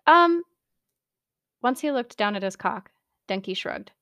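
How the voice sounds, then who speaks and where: A woman narrating a story in a soft, even storytelling voice. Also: medium pitch, normal speed, vocal fry, no echo.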